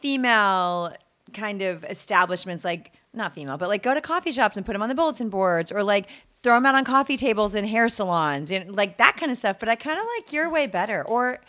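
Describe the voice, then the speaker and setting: A woman's voice: medium pitch, expressive, fairly quick, fairly bright tone. A woman co-hosting a podcast in casual chat, reacting playfully and teasing her co-host.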